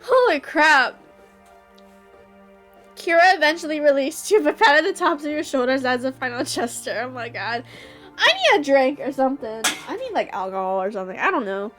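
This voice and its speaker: A young woman host reads a visual novel aloud and reacts with gushing, emotional commentary. Her voice is high and bright, and soft music plays faintly beneath. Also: sing-song, moderate pace. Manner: emotional, gushing, laughs and near tears.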